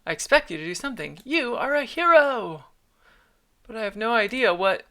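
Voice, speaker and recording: A woman's voice: mid-range voice, expressive, fast, fairly bright tone. A woman reading the lines of a pushy, impatient flying cat in a storybook game, with an insistent, scolding delivery.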